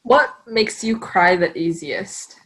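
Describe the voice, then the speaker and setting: A young woman chats casually as a podcast co-host, her pitch lively and swinging widely. She giggles often and moves the talk along by reading out the next question. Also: takes it slowly. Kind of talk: casual chat.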